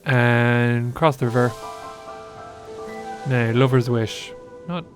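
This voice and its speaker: A man narrating his own gameplay in a chatty, wry way, full of jokes and asides. His voice sits at an ordinary pitch. Faint game music runs underneath. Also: fairly even intonation, slow. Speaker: gaming video host. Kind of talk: casual let's-play commentary.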